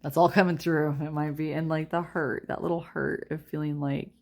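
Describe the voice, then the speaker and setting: Chatty woman with a low, gravelly voice. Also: little pitch movement, moderate pace. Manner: chatty, laughs often, talks straight to viewers. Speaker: tarot reader. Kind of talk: casual pick-a-card tarot reading.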